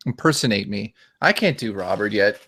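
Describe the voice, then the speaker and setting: A man's voice: fairly low pitch, expressive, normal speed, fairly bright tone. A young man, a guest YouTuber, chatting casually and joking around with impressions. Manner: jokey, trying out silly impressions. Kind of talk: casual livestream chat.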